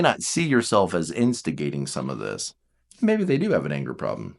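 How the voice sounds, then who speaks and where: A man coaching on personality types, talking casually to his viewers, animated, mimicking them in playful voices and dropping to slow, quiet emphasis. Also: lowish voice, gravelly. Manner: animated, jumps into playful mock voices of the listener; drops to slow, quiet emphasis on key points. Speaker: Enneagram coach. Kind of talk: casual talk to camera.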